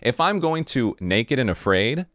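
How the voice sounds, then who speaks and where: A man's voice: medium pitch, measured pace, no room sound, studio quality. A man hosting a podcast, talking through a reflective late-night monologue and acting out the conversations he describes. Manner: animated storyteller, acting out dialogue. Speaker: podcast host.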